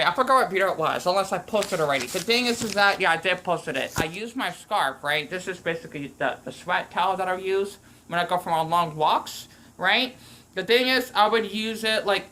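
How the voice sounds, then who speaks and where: High, bright rambling man. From Canada. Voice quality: slightly slurred by a retainer; high-pitched voice. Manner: rambling, many fillers, keeps asking 'right?'. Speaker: vlogger. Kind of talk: rambling commentary vlog.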